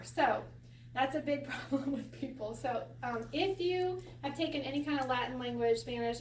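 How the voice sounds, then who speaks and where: Woman teacher, high and chatty, laughs a lot, recorded from across an echoey room with light hiss. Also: distant mic. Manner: chatty, laughs often, animated storytelling. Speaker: Hebrew teacher. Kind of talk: casual classroom lesson.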